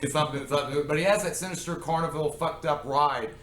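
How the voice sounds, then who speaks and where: A man co-hosting a casual movie review, animated and swearing a lot, acting out moments as he talks. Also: a little high, a little fast. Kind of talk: casual profane chat. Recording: echoey room with faint noise.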